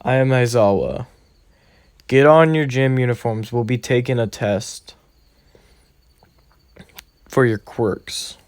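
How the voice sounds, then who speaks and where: A man's voice: medium pitch, slow, pauses often, darkish tone, clean tone, no echo. A man voicing a blunt, tired teacher who talks in short, curt lines. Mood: stern.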